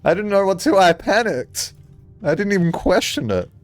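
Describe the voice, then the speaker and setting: A man's voice: high-pitched, sing-song, moderate pace, soft background music, voice pushed up. A man voicing a flustered, panicking partner who stammers and trips over his words. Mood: panicked.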